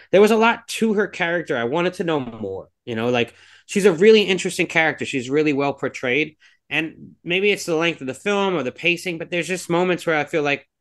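A man's voice: fairly high pitch, fairly bright tone. A man co-hosting a podcast in casual chat, rambling and hedging with lots of fillers as he gives his views. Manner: rambling, hedging, heavy on fillers like "like" and "you know". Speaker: podcast co-host reviewing a film.

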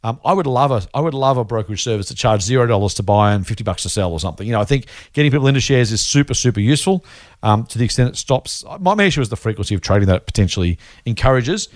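An Australian man hosts a casual podcast and talks at a quick, eager clip with lots of "you know" and "um." The recording is dry and close-miked, with no room sound. His pitch sits in an ordinary male middle. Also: lively intonation, no room sound. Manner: enthusiastic, quick and chatty, with frequent fillers. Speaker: podcast host.

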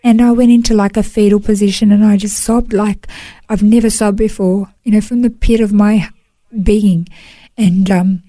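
This is a woman speaking as an interview guest, recounting a personal testimony in an earnest, emotional way. Her voice is warm and mellow, and it sits at a middle pitch for a woman. The recording is dry and close, and she often drops in a "you know" as she tells it. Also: fairly even intonation, moderate pace, no room sound. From Australia.

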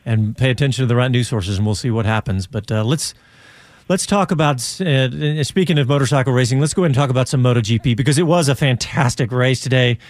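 A man hosting a motorsport radio show, relaxed and conversational as he steers the talk. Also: mid-range voice, fast talker, no echo. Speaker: host.

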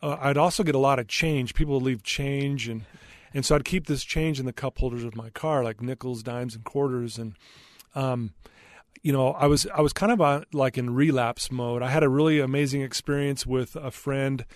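A man's voice: mid-range voice, normal speed, no echo. A man earnestly telling a personal story as a podcast guest, candid and loose, with frequent fillers.

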